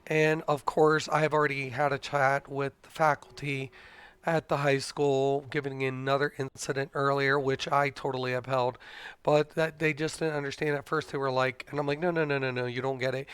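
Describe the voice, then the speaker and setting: A middle-aged man and father, casually telling a story to his stream in a blunt, animated way, swearing freely. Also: mid-range voice, normal speed, clean tone.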